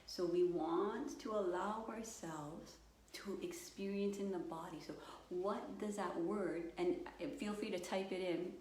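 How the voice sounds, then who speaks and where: A woman yoga and meditation coach guiding a live session, slow and soothing, with playful acted-out voices. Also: fairly low pitch, fairly even intonation, darkish tone. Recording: echoey room, distant mic, faint noise.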